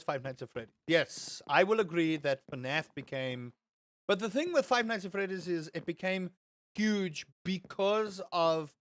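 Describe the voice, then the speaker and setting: A young man chats to his live-stream viewers while gaming. His voice sits a little high for a man. He rambles, restarts sentences, repeats words and drops in the odd swear. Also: fairly bright tone, dry recording.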